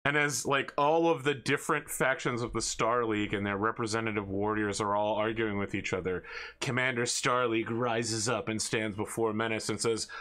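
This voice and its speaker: A man running a tabletop game as game master, telling stories in an animated, jokey way. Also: fairly low pitch, normal speed. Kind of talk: tabletop game narration, casual chat.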